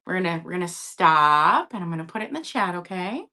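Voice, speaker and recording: Give me a woman hosting a casual live-stream sale in a slightly low, chatty voice. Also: expressive, fairly quick, bright, forceful tone. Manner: chatty, checks in with viewers with "okay?" and "right?".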